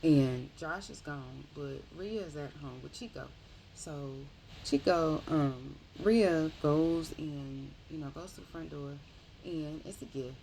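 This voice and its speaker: A woman casually retelling a book's plot in a rambling, animated way, often correcting herself. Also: low-pitched, takes it slowly, vocal fry, a little hiss or hum, low-quality recording. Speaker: book reviewer. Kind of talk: casual book review.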